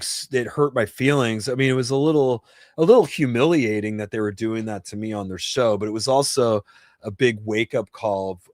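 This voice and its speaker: A man's voice: lowish voice, no room sound, clean studio sound. A man in his fifties, originally from New Jersey, hosting a casual live Q&A stream. He talks bluntly and profanely, rambling with frequent restarts. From New Jersey, USA. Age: 50s. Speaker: host. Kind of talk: casual livestream Q&A chat. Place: home livestream setup.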